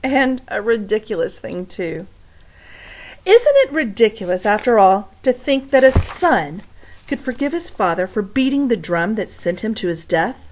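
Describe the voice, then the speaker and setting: A woman's voice: mid-range voice, sing-song, normal speed, poor audio. A woman reading a storybook aloud to young listeners, stopping to speak to them directly. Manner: warm direct address to listeners.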